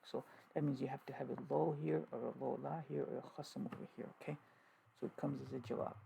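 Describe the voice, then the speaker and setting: A man teaching an informal grammar lesson, halting with fillers and restarts, repeating key terms as he goes. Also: mid-range voice, fairly even intonation, creaky, mellow, a little hiss or hum, rough recording.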